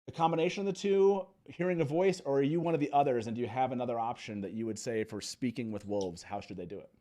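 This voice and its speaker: A man's voice: mid-range voice, warm tone. A man hosting a live call-in fan show, chatting casually and laughing often. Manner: laughs often, quick asides. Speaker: host.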